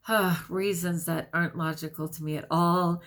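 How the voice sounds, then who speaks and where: A middle-aged woman from the United States, a teacher, talking quickly and casually to her viewers with many fillers. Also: lowish voice, fairly even intonation, fairly bright tone. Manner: quick, chatty, many fillers and self-corrections. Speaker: vlogger and teacher. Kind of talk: casual talk to camera, reading an article aloud.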